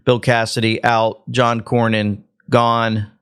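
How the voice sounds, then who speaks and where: A man's voice: medium pitch, little pitch movement, slow, a bit bright, clean tone. A man hosting a political commentary show, reacting to clips in a sarcastic, mocking way. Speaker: show host.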